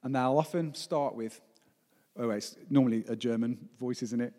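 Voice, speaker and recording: A man's voice: medium pitch, moderate pace, mellow. Forty-year-old male pastor preaching in a reverberant hall. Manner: emphatic, asks the congregation rhetorical questions. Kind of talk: sermon. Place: church service.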